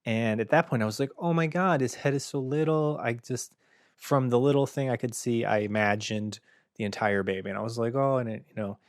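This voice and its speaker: A young man hosting a podcast, telling a comic story in a deadpan, self-mocking way. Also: mid-range voice, no room sound, clean studio sound. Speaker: podcast host. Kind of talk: comedic storytelling monologue.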